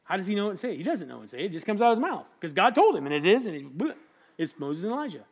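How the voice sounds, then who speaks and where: A man's voice: sits high, racing, breathy edge. A middle-aged man preaching a casual, jokey sermon, acting out voices from the Bible. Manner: animated, jokey, acts out biblical voices.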